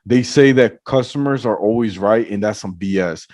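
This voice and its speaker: A man hosting a podcast in a laid-back, casual chat, reacting quickly and laughing often. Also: on the low side, darkish tone. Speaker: podcast host.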